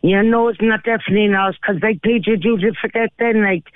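A woman's voice: medium pitch, fairly even intonation, fairly quick, no room sound. An Irish woman calling into a radio show, talking indignantly in a casual way, with lots of "like"s. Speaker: caller. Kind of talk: phone-in call. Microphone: telephone. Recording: tinny phone line.

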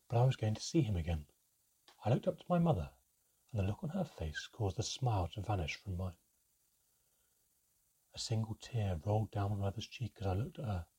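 A man narrating a storybook in an expressive way, raising his voice for the characters. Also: husky. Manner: expressive, shifts pitch for dialogue.

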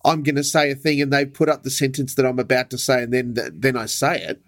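A man's voice: medium pitch, fairly even intonation, fast talker, dry recording. A man on a radio panel who cuts in with dry, sarcastic remarks.

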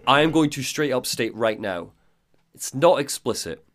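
A male podcast host recapping a story in a casual, animated way. His voice sits at a middle pitch but swings up and down constantly. He talks in quick asides.

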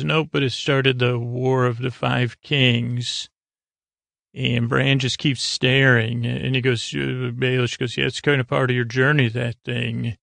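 A podcast host with a gravelly, creaky, mid-range voice gives a casual, sleepy recap of an episode in a flat, level tone. He rambles and halts, restarting often and filling gaps with "uh." The audio is dry and close, with no room sound at all.

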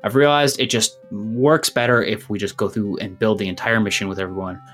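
A man's voice: fairly low pitch, steady tone, a little fast, a bit bright, faint music behind. A man running a tabletop game as game master, rambling through rule changes and a recap, a bit out of breath. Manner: rambling, self-interrupting, laughs at his own jokes.

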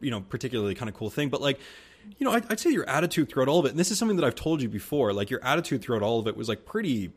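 A man's voice: mid-range voice, sing-song, racing. A young man hosting a podcast in a casual family chat, talking with many fillers and restarts. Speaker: podcast host.

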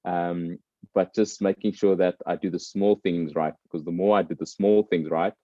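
A man's voice: low voice, fairly even intonation, normal speed, mellow, dry recording, muffled recording. A man, a former rugby player, talking thoughtfully in conversation and telling anecdotes about resilience. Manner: thoughtful, tells stories with voiced characters. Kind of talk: reflective conversation.

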